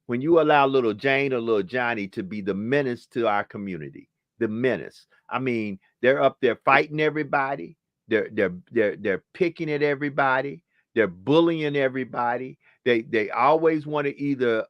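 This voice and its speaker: A man's voice: medium pitch, normal speed, no room sound, dull audio. A man hosting a talk show, emphatic and lecturing, repeating phrases to drive his points home.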